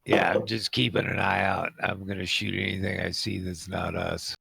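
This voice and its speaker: A man's voice: low voice, flat delivery, moderate pace, vocal fry, bright, forceful tone, slightly rough, no echo. A man chatting casually as a player in a tabletop game, laid-back and swearing now and then.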